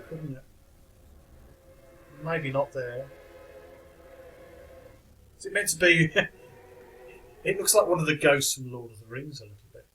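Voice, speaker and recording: A man's voice: medium pitch, pushed and bright, poor audio. A man giving casual reaction commentary on videos in a dry, wry, skeptical manner, with the odd chuckle.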